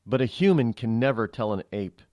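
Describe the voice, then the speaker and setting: Male radio host, rambling opinionated monologue, lively swinging pitch, dry studio sound. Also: a little fast, dry recording. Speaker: radio talk show host.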